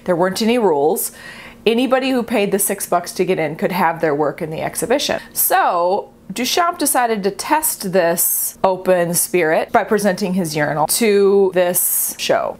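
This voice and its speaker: A woman's voice: lowish voice, a little hiss or hum. A young woman who is an artist, explaining art history in a chatty, playful, self-mocking way. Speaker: artist and video host.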